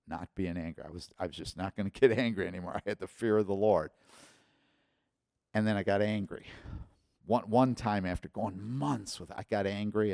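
A man preaching a personal testimony, his voice swelling loud when he quotes others. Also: lowish voice, no room sound, clean studio sound. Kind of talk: sermon testimony.

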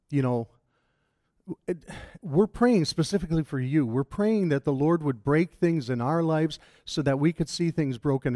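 A man preaching a sermon as pastor, talking in a conversational, halting way with frequent restarts. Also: mid-range voice, dark tone, no echo, studio quality.

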